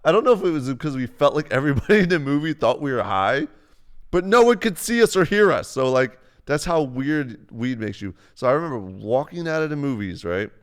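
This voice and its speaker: A man's voice: medium pitch, expressive, a little fast, smooth. A young man on a live stream, casually telling a rambling, profane story. He often acts out what people said in a raised voice.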